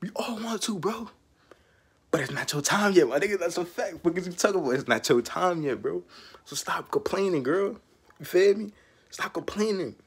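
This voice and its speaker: A young man ranting casually to camera as a vlogger, profane and animated in heavy street slang, laughing as he goes. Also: a little high, a little fast, husky. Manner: laughs often mid-rant.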